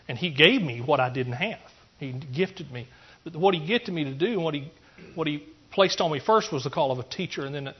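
A pastor from East Texas giving an earnest testimony sermon, rambling through restarts and rising into emphatic preaching. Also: male voice, on the high side, slightly rough, lo-fi sound.

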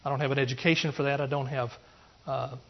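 A pastor from East Texas giving an earnest testimony sermon, rambling through restarts and rising into emphatic preaching. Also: male voice, mid-range voice, little pitch movement, fast, gravelly, lo-fi sound.

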